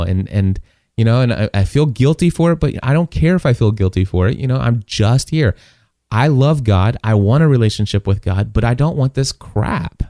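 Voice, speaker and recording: A man's voice: mid-range voice, expressive, mellow, dry recording, studio quality. A man in a casual faith talk, repeating and restarting words as he tells a story and acts out the people in it. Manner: halting, repeats words, voices people in his stories.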